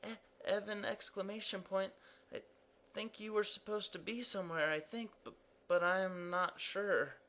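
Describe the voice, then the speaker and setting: A man voicing a confused, timid male question mark character who speaks quietly and stammers. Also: high-pitched, fairly even intonation, normal speed, pitched above the performer's own voice. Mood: unsure.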